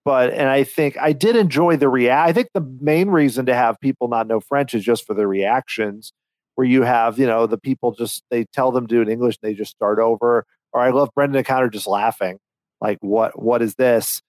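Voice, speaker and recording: A man co-hosting a podcast, chatting casually in an animated, rambling way with frequent restarts. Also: medium pitch, fairly quick, no room sound, poor audio. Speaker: podcast co-host. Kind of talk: casual chat.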